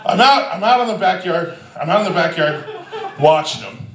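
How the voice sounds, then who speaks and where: Loud, profane stand-up comic man. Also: high-pitched, normal speed, roomy sound, recorded from a distance, a little hiss or hum, rough recording. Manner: profane, loud, animated storytelling with shouted quotes. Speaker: stand-up comedian. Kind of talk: stand-up comedy set.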